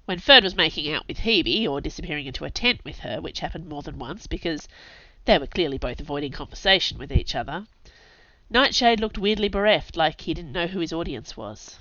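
A female audiobook narrator reads a first-person novel with wry, sardonic humor, her bright, slightly low voice swinging lively in pitch. She speaks a little fast, and the recording is dry, a little dull, with no room sound.

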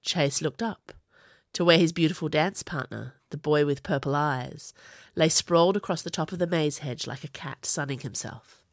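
A woman narrating an audiobook in an expressive reading voice. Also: sits low, moderate pace, no room sound, studio quality.

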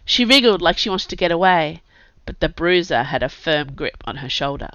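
Low, bright-toned woman narrating. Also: animated, moderate pace, no echo. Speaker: audiobook narrator. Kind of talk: scripted narration. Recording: dull, lo-fi dry recording.

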